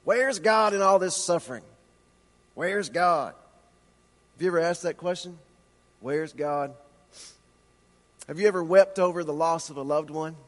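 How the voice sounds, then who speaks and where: High-voiced man preaching in a reverberant hall. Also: steady tone. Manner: impassioned preaching, rhetorical questions, slows for emphasis. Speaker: pastor. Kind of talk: sermon.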